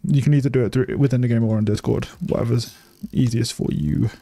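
The recording is dry, capturing a young man with a warm, steady voice of medium pitch who talks fast. Streaming a bike game, he keeps up a chatty, profanity-laced commentary full of laughter, typical of a gaming streamer.

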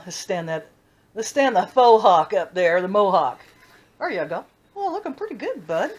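An older woman giving a casual home video tour of her pets, chatting and baby-talking to them as she walks from her house out to the backyard. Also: on the low side. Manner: chatty, coos and baby-talks to her animals. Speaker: vlogger showing her pets. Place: house, then backyard with chickens.

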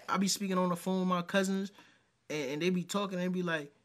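A middle-aged man from New York giving casual, animated reaction commentary on video clips. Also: high-pitched, fast. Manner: animated, rising excitedly when ranting.

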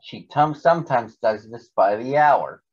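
A man voicing a young male cat, the big brother who narrates a rhyming storybook in a steady reading voice. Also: medium pitch, measured pace, slightly rough, lo-fi sound. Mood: calm.

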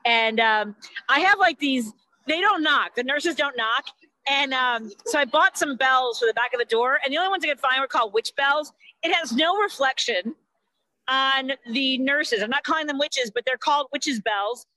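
A woman comedian with a high, bright, sharp voice rants in a rambling, exasperated way. She turns everything into a joke. The sound is close and dry, over a video call. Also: normal speed, no room sound, low-quality recording. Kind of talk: stand-up rant.

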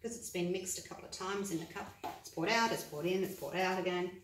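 A woman's voice: on the low side, quick pace, recorded from a distance, slight background noise. A woman vlogging a paint-pouring demonstration, talking in a chatty, practical and encouraging way. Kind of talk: casual demonstration talk. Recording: roomy echo, voice from away from the mic.

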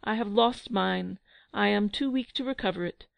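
A woman's voice: mid-range voice, moderate pace, vocal fry, no room sound, low-quality recording. Woman voicing a haughty young prince, scornful, proud, storybook. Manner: haughty, mocking. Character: haughty, scornful young prince, heir who lost his throne.

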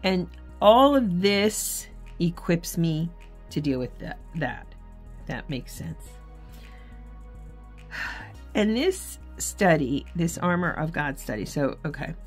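Woman faith vlogger, deep voice, sincere and candid, talks casually and corrects herself as she goes. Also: very animated, slow, pauses often, faint music behind. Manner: earnest, candid, self-correcting. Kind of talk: casual devotional vlog talk.

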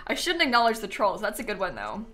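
Bright, lively woman streaming a game. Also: mid-range voice, fast talker. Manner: chatty, giggly, talks to chat. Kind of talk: casual gameplay commentary.

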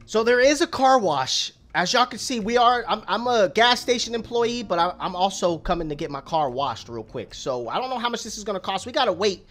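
A young man giving casual, slangy gameplay commentary as a YouTuber, rambling and excitable, shouting at other drivers. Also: high voice, a little fast, few pauses. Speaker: gaming YouTuber.

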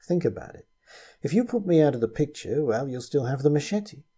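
Man voicing a blunt pragmatic rogue, matter-of-fact, mellow dark tone, husky. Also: fairly high pitch, sing-song, brisk, pitched above the performer's own voice. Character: blunt, pragmatic one-handed adult man.

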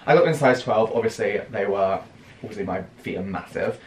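A man's voice: on the low side, fairly quick, a little mellow, slight background noise. Young man, British accent, casual haul chat, big gasps, roomy echo. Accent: British English. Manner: gushing, theatrical gasps and squeals. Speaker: fashion vlogger. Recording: echoey room with faint ambience.

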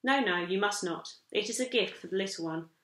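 A woman's voice: medium pitch, echoey room, close to an everyday voice, poor audio. A woman voicing a kindly, generous old male shopkeeper who talks in short, broken phrases. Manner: halting, warm broken phrasing.

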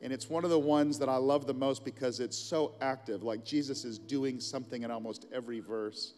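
A man's voice: medium pitch, fairly even intonation, a little fast, a little mellow, in a large hall. A middle-aged man preaching a sermon as a pastor, telling the story in a casual, conversational way with asides.

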